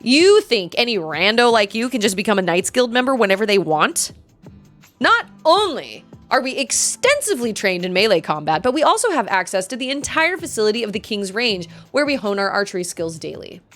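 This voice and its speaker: A woman's voice: mid-range voice, sing-song, brisk, a bit bright, soft background music, pitched above the performer's own voice. A woman reading out a boastful, sneering knight in a fantasy game, haughty and mocking. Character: boastful, snobbish young knight guild member.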